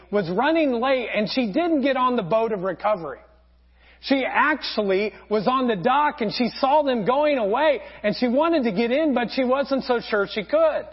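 A man preaching a sermon as pastor, telling a parable earnestly with frequent pauses. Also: very high-pitched. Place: church sanctuary. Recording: dull lo-fi sound.

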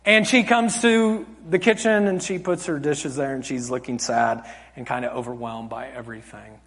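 A man preaching a sermon as pastor, telling a family story with animated swings from loud acted quotes to hushed, soft tones. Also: mid-range voice, moderate pace, long reverb tail. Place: church hall.

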